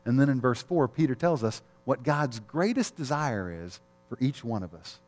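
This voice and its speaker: A man's voice: mid-range voice, lively intonation, normal speed, a little mellow. A middle-aged man, a pastor, preaching a sermon in a candid, conversational way, telling personal stories and often chuckling. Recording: long reverb of a large hall.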